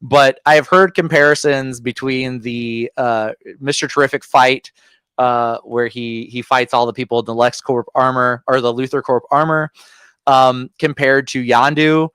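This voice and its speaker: A man on a podcast, talking through a film review in loose, opinionated bursts. His voice is smooth and resonant, recorded dry and close. He keeps stacking gripes with plenty of "uh"s. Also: mid-range voice, steady tone, measured pace, a bit bright, no room sound. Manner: opinionated, ranting with frequent fillers. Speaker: podcast co-host. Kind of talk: casual movie review chat.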